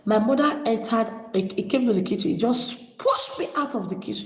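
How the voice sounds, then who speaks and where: A Nigerian woman vlogger telling her personal story, emotional and halting, holding back tears. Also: on the high side. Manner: emotional, halting, many restarts. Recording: echoey hall with long reverb.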